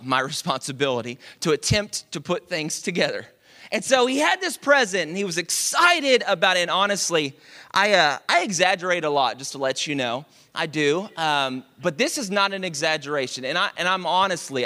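A high-voiced man preaches with a lively, swooping delivery and plenty of self-mocking asides. His voice is bright and ringing, and it carries through a long reverb that fills a large church hall. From Dallas, Texas. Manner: animated, self-mocking, confiding asides to the audience. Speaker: pastor. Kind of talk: storytelling sermon.

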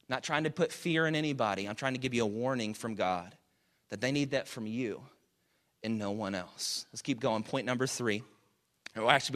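A male pastor preaching a sermon to a live congregation, building to loud emphatic peaks and dropping low and quiet, with soft music behind. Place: church auditorium with live audience.

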